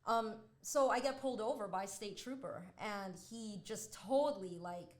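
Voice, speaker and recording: A woman's voice: mid-range voice, moderate pace. Chatty woman telling a story. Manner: chatty, animated, many "like" fillers. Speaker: co-host. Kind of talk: casual podcast storytelling. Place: restaurant.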